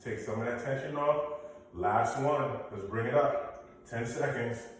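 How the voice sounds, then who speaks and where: A man's voice: medium pitch, measured pace, a little hiss or hum. Echoey man coaching a workout. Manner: encouraging, coaching cues and countdowns. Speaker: fitness instructor. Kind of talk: workout instruction with counting. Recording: very echoey room, mic far off.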